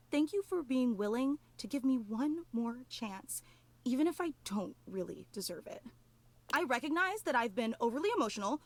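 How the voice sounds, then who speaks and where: A woman's voice: high-pitched, no room sound. A woman voicing a clingy, emotional obsessive female superfan in a video game, gushing and tearful, apologizing over and over.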